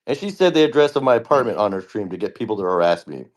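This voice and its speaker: A man reading a woman plaintiff's court testimony aloud in a deliberately low monotone voice. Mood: flat. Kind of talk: comedic court transcript reading.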